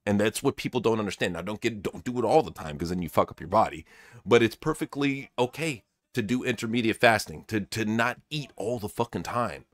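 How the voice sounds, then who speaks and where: A man with a low voice, hosting a casual podcast and giving blunt, opinionated takes full of swearing. The sound is dry and close to the mic. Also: fairly quick, dry recording. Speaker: podcast host.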